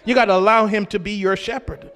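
A man preaching a sermon, rising into shouts as he urges the congregation on. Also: sits high, fairly even intonation, quick pace. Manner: rises into shouts to urge the congregation. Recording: long hall reverb.

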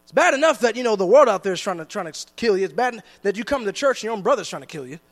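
In a big hall, a high-voiced, expressive man delivers a church sermon in a loose, joking manner. When he reads scripture, his delivery turns slow and weighty.

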